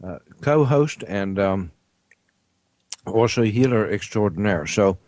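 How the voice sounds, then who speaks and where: Halting deep-voiced radio host. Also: male voice, expressive, a little mellow, dry recording. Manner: halting, many ums and uhs, chuckling. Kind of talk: casual radio health talk. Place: radio studio.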